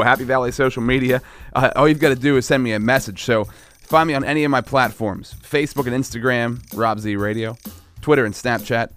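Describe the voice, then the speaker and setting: A man's voice: medium pitch, fairly bright tone. A man with a central Pennsylvania accent hosts his podcast from a small studio. He talks loosely and jokingly, drifting from thought to thought. Faint music sits behind him. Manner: loose, rambling, joking delivery. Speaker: podcast host. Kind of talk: casual podcast chat and self-promotion.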